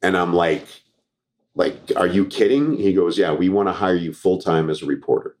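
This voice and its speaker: A man with a fairly low voice tells stories from his years as a reporter in a relaxed interview. He is middle-aged and from Canada. He acts out the other people in his stories as he goes. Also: moderate pace. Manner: animated storyteller acting out quoted dialogue. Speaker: guest, former TV reporter and comedian. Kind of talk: casual storytelling interview.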